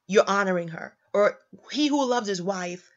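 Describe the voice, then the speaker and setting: A young woman talks about her faith in a casual, slangy way, leaning hard on her points and repeating them for emphasis. Her voice sits at a middle pitch. The audio is a little dull and lo-fi. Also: animated, moderate pace. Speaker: commentator. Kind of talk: casual religious commentary.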